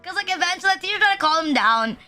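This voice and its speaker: A woman's voice: extremely high pitch, expressive, racing, pushed and bright, soft background music. A young woman, rambling through a story in a casual chat stream and heaping fillers and self-deprecating asides as she goes. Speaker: VTuber streamer.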